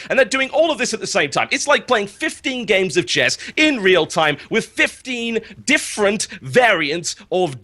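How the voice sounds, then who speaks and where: A man putting on a pushy infomercial salesman, rattling off a rapid, hyped sales pitch. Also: bright, forceful tone, full character voice. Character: pushy infomercial salesman, male, over-eager.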